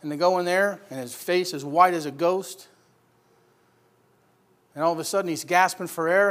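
A man preaching a sermon, retelling a scripture story vividly with rhetorical questions and swings between loud emphasis and hushed lines. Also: sits high, moderate pace, long pauses. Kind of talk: expository sermon.

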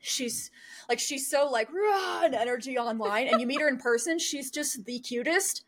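A woman's voice: high-pitched, lively intonation, normal speed, fairly bright tone, slight background noise. A young adult woman chatting as a podcast guest, bubbly and self-deprecating, often laughing. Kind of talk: casual chat.

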